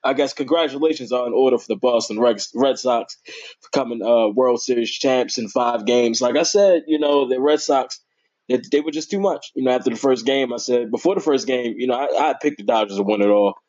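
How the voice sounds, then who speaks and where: A young man hosting a casual sports podcast, informal and playful, his voice jumping high when he gets excited. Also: brisk. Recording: dull lo-fi recording.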